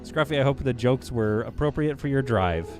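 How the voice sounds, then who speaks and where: A man's voice: medium pitch, animated, moderate pace, over music. A man streaming a game live, chatting casually, laughing often and reading viewer comments aloud.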